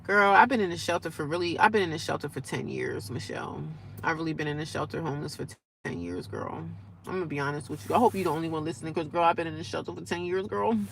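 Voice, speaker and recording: A woman's voice: sits low, sing-song, quick pace, vocal fry, slight background noise. A woman chatting casually and playfully with her livestream viewers, calling them girl and sis. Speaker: vlogger. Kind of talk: casual livestream chat with commenters. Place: homeless shelter.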